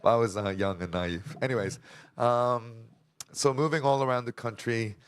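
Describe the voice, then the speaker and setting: A middle-aged man giving a personal testimony at a church service, hesitant and halting, with a self-deprecating manner. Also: medium pitch, fairly even intonation, clear, resonant tone. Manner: hesitant, halting, with many pauses and filler sounds; self-deprecating, chuckles between stories.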